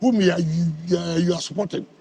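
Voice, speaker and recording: A man's voice: high-pitched, steady tone, fast, vocal fry, dark tone, slightly rough. A middle-aged man with a Nigerian accent, a politician answering heatedly in a television interview, firing rhetorical questions and repeating words.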